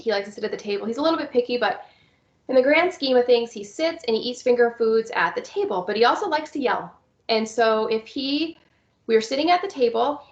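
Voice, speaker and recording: In a recorded presentation, a woman with a somewhat high, gravelly voice teaches step by step about young children with visual impairments, acting out cheerful teacher lines. The sound is roomy, with the highs cut off.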